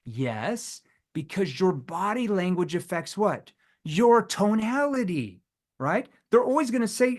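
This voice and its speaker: A man's voice: high voice, big pitch swings, a little slow. A man leading a live online sales training, emphatic and firing rhetorical questions at his audience.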